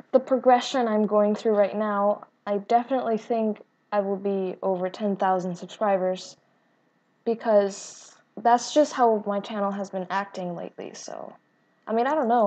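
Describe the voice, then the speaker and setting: A woman's voice: mid-range voice, normal speed, dark tone, highs cut off. A woman hosting a casual Q&A vlog on her gaming channel, chatty and rambling with lots of fillers and restarts, self-deprecating and giggly. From Latina, grown up in the US. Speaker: YouTube gaming channel host.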